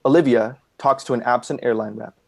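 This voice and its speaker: A man reading stage directions in a live play reading over a video call, in a plain, even manner. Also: medium pitch, a little fast, gravelly.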